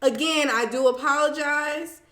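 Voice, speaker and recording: Woman live-stream host, relaxed unhurried delivery, chatty with viewers, recorded in an echoey room. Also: high-pitched. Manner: chatty and animated, talks straight to viewers, reads comments aloud. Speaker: live-stream host recapping a reality show. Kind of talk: casual live-stream chat.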